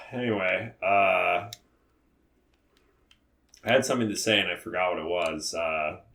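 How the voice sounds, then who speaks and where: A man chatting loudly while playing a video game, rambling and piling up repeated words and restarts as he talks. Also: low-pitched, steady tone, a little slow, creaky, reverberant. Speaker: let's play commentator. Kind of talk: casual gaming chat.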